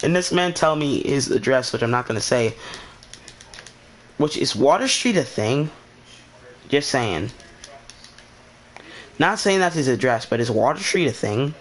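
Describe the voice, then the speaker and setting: A man's voice: medium pitch, animated, unhurried, long pauses. A young man hosting his channel, telling a rambling story in a casual way and asking why again and again in exasperation. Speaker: channel host.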